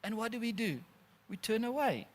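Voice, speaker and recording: A pastor preaching an animated sermon, calling listeners friends and laughing often. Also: male voice, high voice, normal speed.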